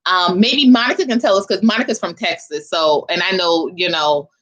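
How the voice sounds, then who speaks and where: A woman's voice: fairly low pitch, moderate pace, fairly bright tone. Chatty young woman hosting a livestream. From Philadelphia. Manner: chatty, slangy, addresses viewers directly. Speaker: livestream host. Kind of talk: casual livestream chat with viewers.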